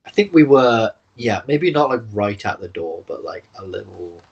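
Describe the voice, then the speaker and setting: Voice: medium pitch, expressive, normal speed, gravelly, slightly rough, highs cut off. A tabletop player who rambles and hedges, working through ideas with 'like' and 'you know'. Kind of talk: casual tabletop chat.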